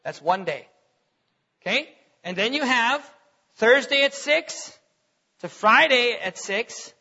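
A man's voice: extremely high pitch, expressive, slow pace, sharp tone. A man preaching a teaching sermon in a conversational way, stopping often to check that the listeners follow. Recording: dull lo-fi recording.

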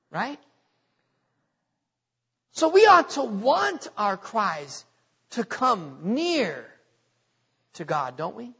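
High-voiced preacher, husky and echoing. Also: male voice, sing-song, bright, forceful tone. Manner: preaching with call-and-response questions; stretches key words slowly for emphasis. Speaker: pastor. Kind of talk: sermon. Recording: dull lo-fi audio with long reverb.

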